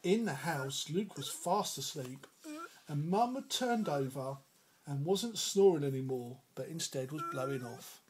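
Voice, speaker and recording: A man reads a picture book to his child at a slow, unhurried pace. His voice rises and falls with lively, animated expression. A faint hiss sits beneath the reading. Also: a little high.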